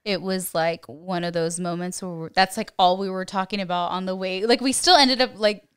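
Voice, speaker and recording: A young woman co-hosting a podcast, telling a story casually and acting out what she said in a higher voice. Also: fairly even intonation, moderate pace, fairly bright tone, clear, resonant tone. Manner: chatty storyteller, acts out quotes in a higher voice. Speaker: podcast co-host. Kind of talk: casual chat.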